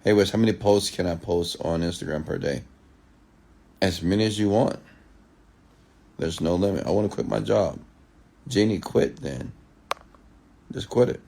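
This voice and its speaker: Deep low guy with a gravelly edge, chatting late at night with his stream, slows way down like a news anchor now and then. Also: warm tone, a little hiss or hum. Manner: shifts pace and tone on purpose, slows to a measured news-anchor delivery. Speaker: livestream host answering viewer comments. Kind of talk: late-night live chat.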